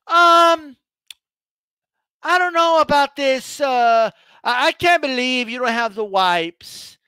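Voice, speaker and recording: A man's voice: very high-pitched, lively intonation, slow pace, pushed and bright, clean tone, no room sound, full character voice. A man putting on the voice of an entitled, demanding woman shopper who keeps insisting on the manager. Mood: whiny.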